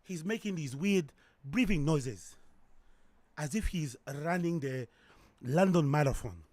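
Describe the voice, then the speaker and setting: A flirty seductive woman, as a man puts her on, murmurs low and breathy and coaxes her lover along. She keeps her voice soft and quiet, and it sounds close and dry. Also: lively intonation, measured pace, no room sound. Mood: teasing. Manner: teasing, coaxing.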